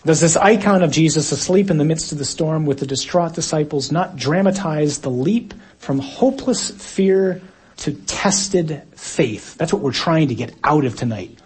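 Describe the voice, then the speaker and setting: A male preacher delivering a sermon in a somewhat high, husky voice. He muses quietly, then breaks into dramatic loud bursts. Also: animated, normal speed.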